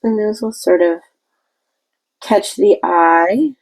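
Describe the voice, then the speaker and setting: A woman's voice: mid-range voice, slow, low-quality recording. A woman hosting a casual craft tutorial, chatty and meandering as she explains her painting step by step. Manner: chatty and meandering, with frequent restarts.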